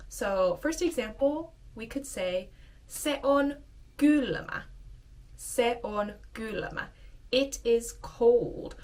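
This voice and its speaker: A woman's voice: on the high side, lively intonation, darkish tone, recorded from a distance. A woman teaching a casual video lesson, repeating short phrases patiently. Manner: slow, repeats phrases over and over. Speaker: language teacher.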